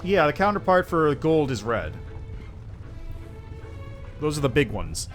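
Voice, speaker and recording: A man's voice: fairly high pitch, very animated, unhurried, soft background music. A man streaming a game, chatting casually and reading the game's dialogue aloud.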